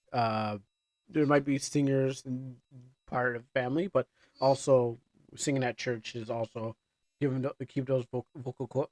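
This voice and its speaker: A man's voice: medium pitch, no echo, clean studio sound. A man who grew up in Canada, chatting casually on a livestream, rambling and self-deprecating with many restarts. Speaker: streamer. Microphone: desk microphone with headphones.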